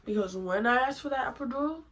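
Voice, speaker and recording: A young woman vlogger telling a personal story in casual chat, animated, dropping to hushed asides and then bursting out loud. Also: fairly high pitch, fast talker, slight background noise, low-quality recording.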